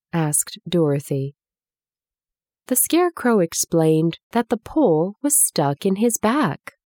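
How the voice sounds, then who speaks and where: A woman reading a children's story aloud in a clear, expressive way. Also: low voice, no echo, clean studio sound.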